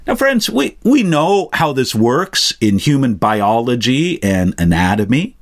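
A man teaching through a Bible passage verse by verse in a measured, emphatic preaching manner. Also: on the high side, big pitch swings. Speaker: pastor.

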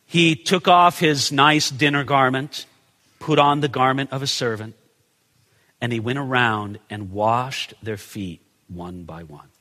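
In a mid-range, unhurried voice trailed by long reverb, a male pastor delivers an expository sermon. He keeps it conversational and animated, posing rhetorical questions and playing the characters in the story.

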